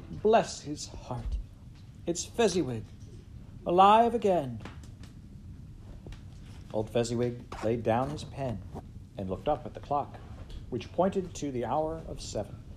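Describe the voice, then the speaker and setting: A man reading a classic story aloud in an expressive way, with big swings in loudness and pitch. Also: slight background noise. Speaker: storybook reader.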